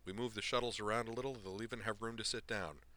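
A deadpan, matter-of-fact starship officer, as a man reads him. The voice is low and bright, with a forceful edge. It is plain storybook reading. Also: fast talker. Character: Lor Soong, a practical male starship officer.

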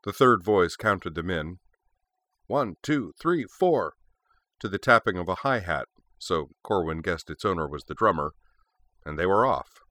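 A man narrating a story in a steady, measured way. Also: low-pitched, no echo. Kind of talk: story reading.

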